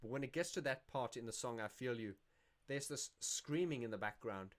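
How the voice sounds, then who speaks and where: A man's voice: mid-range voice, lively intonation, moderate pace. A man hosting a casual livestream, answering viewer questions in a rambling, self-correcting way. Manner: rambling and self-correcting, sings snippets to illustrate.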